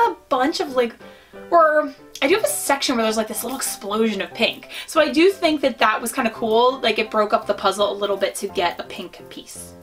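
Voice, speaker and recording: A woman's voice: high-pitched, a bit bright. A young woman chatting casually to her viewers while unboxing collectible pins, rambling with fillers and restarts. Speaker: vlogger.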